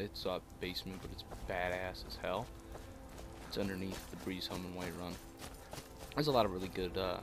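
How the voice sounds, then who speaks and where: A man's voice: sits low, creaky. A man giving casual, profane, joking commentary while playing a video game, laughing often. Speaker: gamer. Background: game music and sounds.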